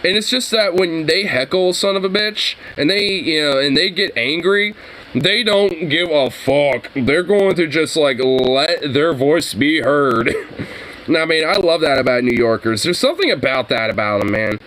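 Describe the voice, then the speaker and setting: A man's voice: a little high, lively intonation, moderate pace, fairly bright tone, slight background noise, low-quality recording. A man on a casual commentary show, rambling and swearing as he riffs with his co-host. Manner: profane, rambling, laughing often. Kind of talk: casual political commentary chat.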